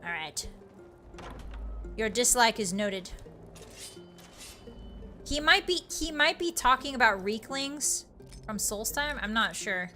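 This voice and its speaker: A woman streaming a game, chatting casually with a bright, ringing voice that sits a little high. She is excitable and quick to exclaim. Soft game music hums underneath. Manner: excitable, quick to exclaim, playful pirate talk. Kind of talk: casual gameplay commentary.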